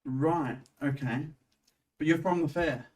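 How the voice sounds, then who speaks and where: A man's voice: on the high side, slow pace, darkish tone, far from the mic, a little hiss or hum. Give me a short-spoken young woman guarding a gate, as a man voices her plainly. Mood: wary. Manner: plain voice, no attempt at a female voice. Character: young female town guard, curt and on duty.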